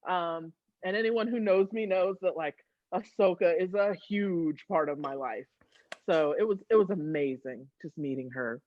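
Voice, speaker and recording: A woman telling a story on a casual video call, animated and giggly as she talks. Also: on the low side, moderate pace, dry recording. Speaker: podcast fan guest. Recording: dull, dry video call audio.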